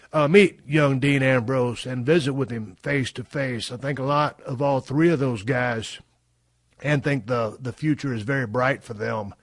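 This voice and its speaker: A middle-aged man hosting a podcast, telling stories in a profane, folksy way that swings from low mumbles to loud bursts. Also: no room sound. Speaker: podcast host. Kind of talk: casual storytelling monologue.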